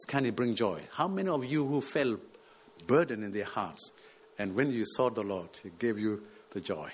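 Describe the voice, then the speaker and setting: A man's voice: on the low side, slight background noise. A man from South Sudan preaching a sermon, pressing his points with rhetorical questions and rising exhortations. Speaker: pastor.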